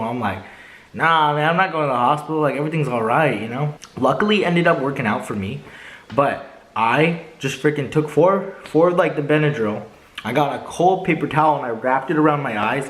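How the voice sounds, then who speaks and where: A young man vlogging a casual storytime, animated and slangy, addressing viewers directly. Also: mid-range voice, echoey room, rough recording. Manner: animated, slangy, keeps saying bro and right.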